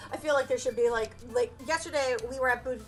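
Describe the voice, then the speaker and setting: Very high-voiced giggly woman streamer. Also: brisk. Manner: giggly, chatty. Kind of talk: casual chat while playing a game.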